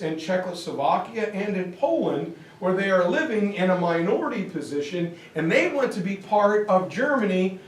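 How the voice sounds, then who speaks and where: A man teaching a history class in a lively way, acting out quotes as he explains. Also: high voice. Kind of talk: classroom lecture. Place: lecture room. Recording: echoey room, voice from far off.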